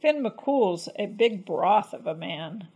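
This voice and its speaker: A woman voicing a shrewd, gentle wife who coaxes sweetly, in a storybook reading. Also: mid-range voice, expressive, slow, husky, heavily acted, rough recording. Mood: coaxing. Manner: gentle, coaxing. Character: shrewd, calm Irish wife, sweetly cunning.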